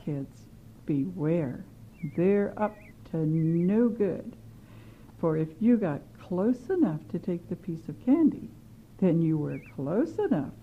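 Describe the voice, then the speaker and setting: A woman telling a children's story in an animated way, with chatty asides to the kids. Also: lowish voice, slightly rough. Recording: slightly muffled with faint hiss.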